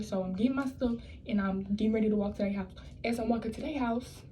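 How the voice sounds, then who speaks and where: A woman's voice: on the high side, brisk, mellow, slight background noise, rough recording. A young woman telling a personal story in a casual storytime vlog, blunt and profane, rambling and restarting her sentences. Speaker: vlogger.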